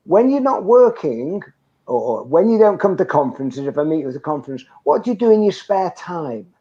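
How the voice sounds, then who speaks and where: Lively older man, dull lo-fi sound. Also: fairly high pitch, fairly quick. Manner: lively, anecdotal, emphatic. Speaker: guest, networking trainer. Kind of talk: conversational interview.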